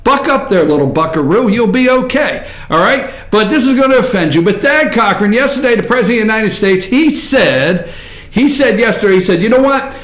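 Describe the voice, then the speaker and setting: A talkative man with a drawl hosts a casual morning show, jumping between jokes and news. His voice sits high and he often breaks into shouts. The room around him is echoey. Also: a little fast. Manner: rambling, animated, jokey, often shouting. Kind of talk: casual talk show monologue.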